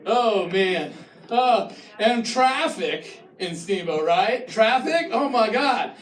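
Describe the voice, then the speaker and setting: High-voiced ranting stand-up comic. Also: male voice, animated, slow, roomy sound, recorded from a distance. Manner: ranting, mocking, slips into shouted impressions. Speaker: stand-up comedian. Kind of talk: stand-up comedy set. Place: live comedy venue with an audience.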